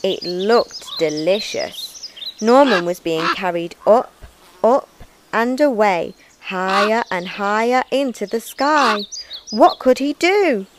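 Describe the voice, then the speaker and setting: A woman reading a children's picture book aloud in a slow, expressive storybook way. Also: medium pitch, noisy background.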